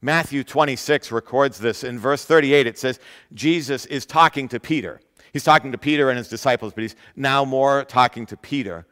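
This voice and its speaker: A man preaching a sermon in an earnest way, repeating key phrases and slowing down to stress them. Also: mid-range voice, a bit bright, long reverb tail. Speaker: pastor.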